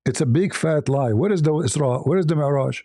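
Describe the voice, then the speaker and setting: Male debate host, sarcastic and challenging, highish mellow voice, dry close sound. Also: fairly quick, no room sound. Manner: sarcastic, challenging, rhetorical questions. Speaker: online debate show host. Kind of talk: polemical commentary.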